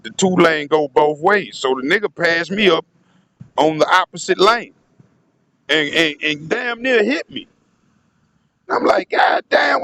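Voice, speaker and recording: A man's voice: a little high, a bit bright. A man telling a rambling, profane story in a casual vlog monologue, often turning to speak to his audience. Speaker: vlogger.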